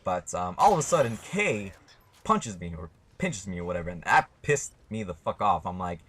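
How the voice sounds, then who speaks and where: Young male vlogger, slightly low voice; loose, profane, blunt storytelling. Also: sing-song, moderate pace, fairly bright tone, husky. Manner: rambling, swears a lot, blunt. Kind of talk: casual storytelling to camera.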